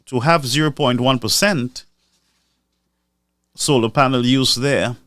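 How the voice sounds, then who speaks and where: A man's voice: mid-range voice, a bit bright, dry recording, studio quality. A man from Lucia, giving commentary on a live stream and repeating figures for emphasis. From Saint Lucia.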